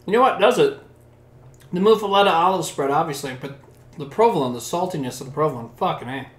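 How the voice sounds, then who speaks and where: A man's voice: a little high, quick pace, echoey room. A man casually chatting on a livestream, reading out chat and cracking crude jokes while he eats. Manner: loose, crude jokey banter while eating.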